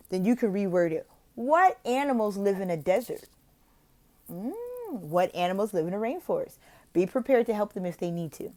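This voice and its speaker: A woman from the United States explaining how to teach online English lessons, switching between casual advice and slow, exaggerated teacher talk. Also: mid-range voice, a little mellow. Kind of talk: instructional vlog with role-played teaching examples.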